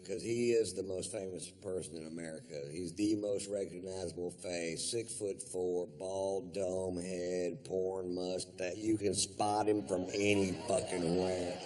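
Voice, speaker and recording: Man doing stand-up, lowish voice, laid-back, swears a lot, rambling storytelling. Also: darkish tone. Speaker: stand-up comedian.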